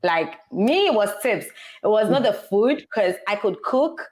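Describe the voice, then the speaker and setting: A woman's voice: medium pitch, sing-song, a little slow, darkish tone. A young woman from Ghana with a Ghanaian accent, talking as an interview guest and giving earnest, emphatic advice in casual chat.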